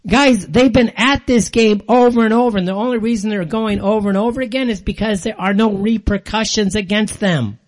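A man's voice: sits high, fairly quick, few pauses. An older man hosting a show, delivering an angry, sarcastic monologue in blunt, ranting commentary. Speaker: show host.

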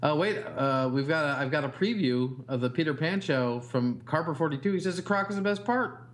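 A man in his thirties co-hosting a casual comedy podcast, telling profane stories about his daughter in an animated way. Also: fairly high pitch, a little fast. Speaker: podcast co-host.

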